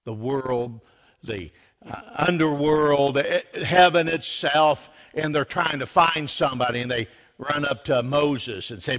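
Slow, fervent preacher man, lo-fi sound. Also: fairly high pitch, a bit bright. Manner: slow, dramatic retelling with acted-out quotes, building to fervent emphasis. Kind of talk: sermon.

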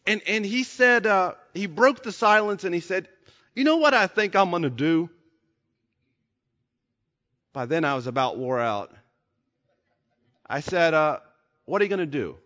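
A man preaching a sermon, telling a story quietly and then building to shouted passages. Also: high voice, lively intonation, a little slow, pauses often, long reverb tail, muffled recording.

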